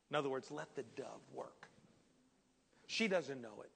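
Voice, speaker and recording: A man preaching a sermon as a story, lively and animated, sometimes dropping to a hushed whisper. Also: mid-range voice, normal speed, gravelly, long pauses, husky, in a large hall.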